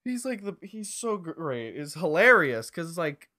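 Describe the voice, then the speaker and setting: A young man co-hosting a casual anime podcast, recapping the plot in a relaxed way with lots of fillers. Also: on the high side, a little slow. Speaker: podcast co-host. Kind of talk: casual anime review chat.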